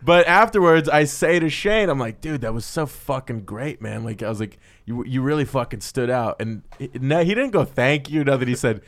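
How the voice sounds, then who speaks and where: A man hosting a comedy podcast, telling stories in a profane, animated way and laughing often. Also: medium pitch, moderate pace, hardly any pauses. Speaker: podcast host. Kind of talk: casual comedy podcast chat.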